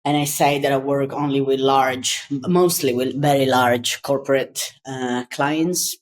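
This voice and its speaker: Italian-accented woman, very low voice, podcast guest, candid. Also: steady tone, unhurried. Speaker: guest, design consultant. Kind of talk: podcast conversation.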